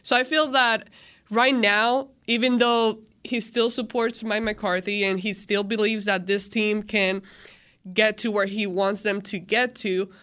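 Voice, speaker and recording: A woman's voice: medium pitch, fairly even intonation, a little slow, fairly bright tone, clean tone. A woman on a sports radio panel, giving her opinions in casual talk and thinking aloud with restarts.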